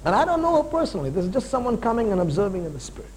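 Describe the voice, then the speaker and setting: A man in his forties preaching a sermon with a high, lively voice that climbs and drops all over. He swings from loud, punchy emphasis to hushed, drawn-out points. A faint hum sits underneath. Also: low-quality recording. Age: 40s. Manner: animated preaching with rising and falling emphasis.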